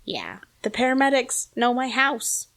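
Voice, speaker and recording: A woman in her thirties, podcast co-host, telling a story in a casual, animated way and laughing often. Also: sits high, measured pace. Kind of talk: casual chat.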